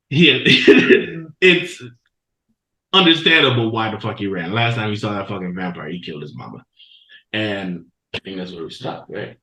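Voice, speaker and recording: A man co-hosting a podcast, recapping an anime episode in a loose, profane, animated way. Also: mid-range voice, moderate pace, roomy sound, low-quality recording. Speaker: podcast co-host. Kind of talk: casual chat, recapping an anime.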